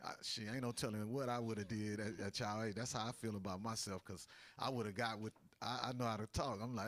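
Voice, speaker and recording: A middle-aged man, speaking on a student panel in a fast, emphatic and colloquial way. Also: fairly low pitch, fairly even intonation, a bit bright. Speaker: music business panelist.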